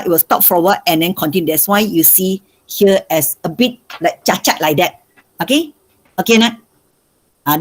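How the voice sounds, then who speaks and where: A slightly rough, lowish female voice comes through a low-quality recording. She's a Malaysian-accented maths teacher giving an online revision lesson, coaxing replies from students by repeating her questions again and again.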